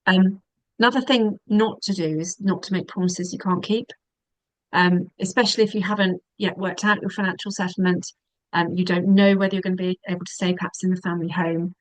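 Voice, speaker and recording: A woman, a divorce specialist giving calm, measured webinar advice with frequent ums. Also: lowish voice, dry recording, low-quality recording.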